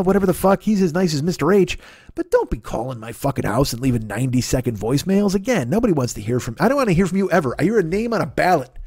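Man in his fifties, comedy podcast host, swearing, rambling, lively pitch swings, dry close sound. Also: no echo. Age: 50s. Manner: profane, rambling, sarcastic rant. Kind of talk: solo comedic monologue.

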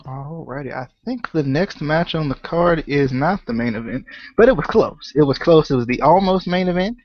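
A man's voice: fairly high pitch, expressive, normal speed, creaky, dull audio. A man co-hosting a podcast, steering the casual chat along with a playful touch. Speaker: podcast co-host.

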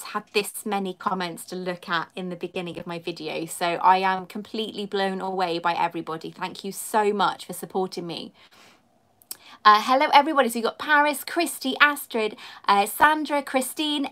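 A woman's voice: mid-range voice, normal speed, a bit bright. A woman chatting effusively with viewers on a live stream, greeting them by name as a YouTuber and collector.

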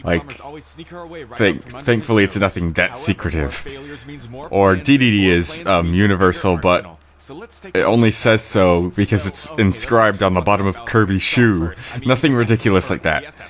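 A man giving rambling casual commentary on his own video, clearing his throat with a cold. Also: sits low, moderate pace. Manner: rambling, frequent fillers and restarts. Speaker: creator giving episode commentary.

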